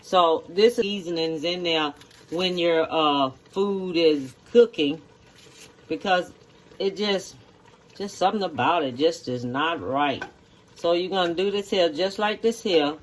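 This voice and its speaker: A home cook walks through a recipe at an unhurried, deliberate pace, repeating each instruction and asking "okay?" as they go. The voice sits at a middle pitch. Faint noise lingers under the home kitchen recording. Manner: slow, repetitive instructions, checking in with "okay?". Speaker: home cook hosting a cooking video. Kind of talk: cooking demonstration.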